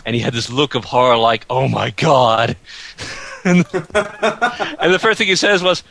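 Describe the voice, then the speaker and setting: A man's voice: on the high side, very animated, measured pace, sharp tone. A man from Australia, chatting casually and telling a story with lots of stammers and fillers. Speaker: guest animator. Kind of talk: casual group chat.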